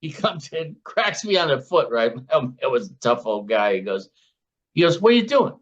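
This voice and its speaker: Male, 60s, from Chicago; ex-floor trader guest; anecdotal, acts out the people he quotes; mid pitch; muffled lo-fi audio. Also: very animated, normal speed, fairly bright tone. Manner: chatty anecdotal storyteller who acts out his own and others' quoted lines. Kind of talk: casual interview storytelling.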